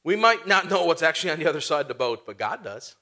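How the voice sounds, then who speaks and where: A man's voice: a little high, sing-song, quick pace, pushed and bright. A man preaching a sermon as a pastor, in a conversational way full of rhetorical questions and asides.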